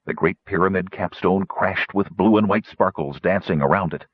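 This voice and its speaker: A man narrating a fantasy audiobook in a dramatic, measured storytelling manner. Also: sits low, breathy edge, no echo. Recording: dull lo-fi dry recording.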